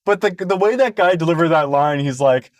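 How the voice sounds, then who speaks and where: A man's voice: on the high side, fairly quick, dry recording. A man co-hosting a casual movie review podcast, picking apart the plot with dry sarcasm. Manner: wry, sarcastic. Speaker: podcast co-host.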